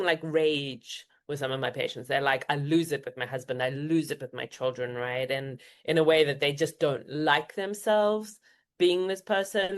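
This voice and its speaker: Low-voiced woman explaining in conversation. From South Africa. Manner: conversational, explanatory, uses quoted asides. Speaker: guest, homeopath and naturopathic doctor. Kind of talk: casual podcast interview.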